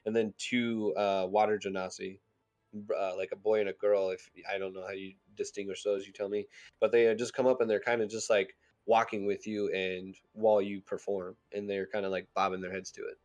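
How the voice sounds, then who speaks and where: Low-voiced man running a tabletop game. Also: flat delivery, brisk, a little mellow. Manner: loose, hesitant, heavy with filler words. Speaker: game master.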